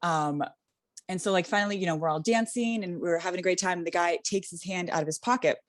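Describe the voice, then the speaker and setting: A young adult woman telling a comedic party story in casual chat, animated and laughing, with lots of fillers. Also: fairly low pitch, a little fast, no echo, studio quality. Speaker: guest storyteller.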